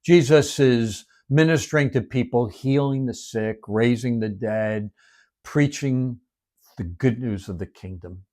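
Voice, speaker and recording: A man teaching the Bible as a sermon, retelling its stories dramatically and dropping to hushed whispers to make his point. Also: medium pitch, unhurried. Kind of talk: expressive Bible-study sermon.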